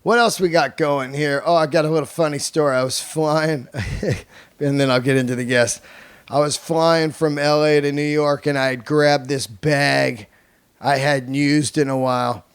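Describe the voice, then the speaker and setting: A man's voice: on the high side, steady tone, a little slow, clear, resonant tone, no room sound. Comedian host in his fifties, cursing casually, telling stories, bone-dry mic. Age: 50s. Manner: loose, profane, joking storyteller. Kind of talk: casual podcast monologue.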